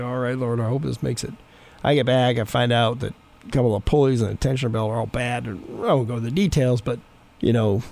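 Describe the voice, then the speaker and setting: A middle-aged man preaches in a relaxed, storytelling way, his voice carrying a gravelly edge. He talks like he's chatting with a congregation rather than lecturing. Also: mid-range voice. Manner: conversational, folksy storytelling. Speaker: pastor. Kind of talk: sermon.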